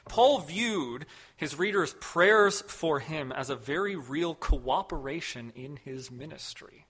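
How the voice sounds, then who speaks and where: A man preaching a sermon as a pastor, measured and emphatic, with loud stressed words and sudden soft drops. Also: a little high, lively intonation, slightly rough.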